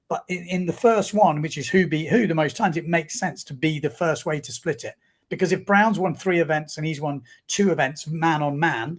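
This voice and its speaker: A man with a fairly high voice co-hosts a casual live podcast. He explains scoring rules at length and drops into teasing banter. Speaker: podcast co-host and analyst. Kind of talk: casual live-stream chat.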